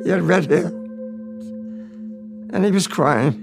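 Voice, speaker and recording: A very old man from the United States recalls his war days, his voice pitched high for a man and rough with a gravelly rasp. He speaks plainly and haltingly, and he circles back to repeat the words that matter most. Soft music plays quietly beneath him. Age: 90s. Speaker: war veteran recounting memories. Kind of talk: personal testimony storytelling.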